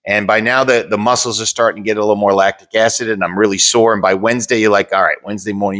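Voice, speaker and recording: Gym owner guy, kinda low voice, blunt, swears a lot. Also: steady tone, very fast, few pauses, a bit bright. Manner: blunt, swears freely, talks through examples. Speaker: podcast co-host and gym owner. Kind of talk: casual chat.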